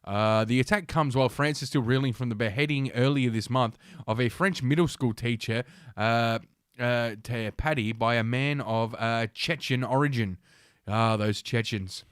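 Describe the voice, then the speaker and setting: A man hosting a podcast, reading news aloud with sarcastic asides, halting and full of filler sounds. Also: mid-range voice, fairly bright tone, smooth, no echo, clean studio sound. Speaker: podcast host.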